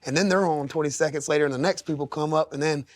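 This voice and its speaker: A man's voice: fairly high pitch, fast talker, no echo, clean studio sound. A man in his thirties, a singer talking candidly as a podcast guest, rambling and earnest with many restarts. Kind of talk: candid conversational interview. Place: podcast studio.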